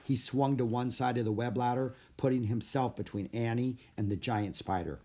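A man reads a children's storybook aloud in a steady, measured voice. His pitch sits in an ordinary middle range. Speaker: narrator. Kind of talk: storybook read-aloud narration.

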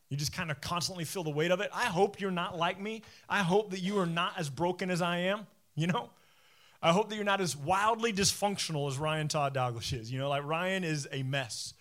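A young man preaching a sermon in a church, reading scripture and then speaking candidly and self-deprecatingly, animated when he quotes. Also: high voice, normal speed. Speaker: pastor.

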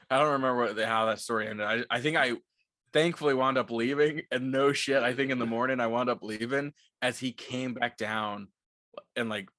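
A man's voice: mid-range voice, steady tone, normal speed, pauses often, sharp tone, no room sound, studio quality. A man co-hosting a podcast in casual chat, rambling through stories with a lot of swearing and laughter. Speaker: podcast co-host.

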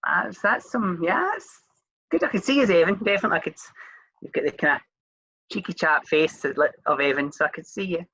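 Scottish interviewer, chatty, bright, dry, slightly dull recording. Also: medium pitch, animated, brisk, husky, no room sound. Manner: chatty, rambling, many fillers and restarts. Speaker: interview host. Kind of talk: casual interview chat.

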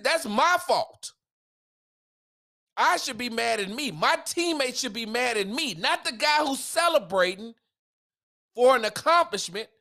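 A man's voice: very high voice, vocal fry, bright, forceful tone. A man hosting a solo sports podcast, ranting in a heated, emphatic way with casual slang.

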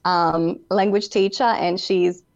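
A woman's voice: on the low side, steady tone, measured pace, lo-fi sound. A young woman, a pageant contestant, chatting as a guest in a live interview over a video call. She is bubbly, giggles often, and says "like" a lot. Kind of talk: casual interview chat.

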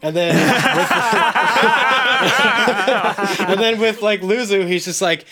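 A man appearing as a guest on a casual podcast, talking about a game in an animated way and laughing as he goes. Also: high voice, drawn-out words, crowd noise.

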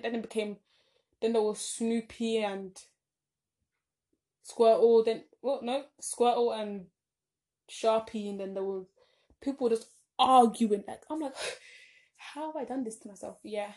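A woman's voice: on the high side, unhurried, long pauses, a little mellow. A young woman, maybe in her teens, chatting casually to camera, rambling with lots of "like"s and sudden dramatic emphasis. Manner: rambling, chatty, self-interrupting with many "like"s. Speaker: vlogger. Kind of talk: casual chat.

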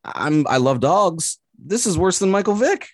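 A man's voice: on the high side, lively intonation, measured pace, husky, no room sound, clean studio sound. A man hosting a casual sports podcast, ranting hotly with swearing and repeated phrases. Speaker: podcast host.

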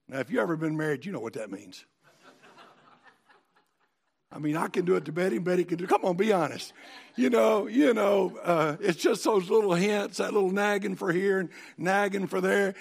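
A man preaching a sermon in a folksy, animated storytelling manner. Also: high-pitched, normal speed, gravelly. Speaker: pastor.

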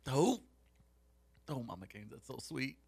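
A man's voice: medium pitch, measured pace, vocal fry, husky. A man co-hosting a radio show, chatting casually and laughing often while telling stories. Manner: laughs often, animated storytelling. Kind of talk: casual banter.

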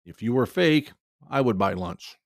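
A man voicing a polite, amused female secretary in his own gravelly voice while telling a story. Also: mid-range voice, animated, unhurried, no echo, clean studio sound.

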